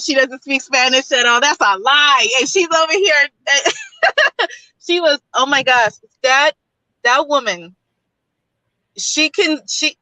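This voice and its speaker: A blunt, outspoken woman calls in to a live stream while driving. Her voice sits high and sounds bright and sharp, and the phone line is dry, with no room sound. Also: dry recording. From New York, Bronx. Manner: outspoken, blunt, repeats herself. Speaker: guest. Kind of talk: casual live-stream chat. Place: in a car, driving.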